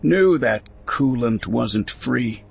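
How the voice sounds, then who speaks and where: A man voicing a gruff, stubborn seventy-five-year-old rancher with a gravelly voice, curt and dismissive in a spoken story. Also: medium pitch, animated, slow, soft background music, voice pushed up. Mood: scornful.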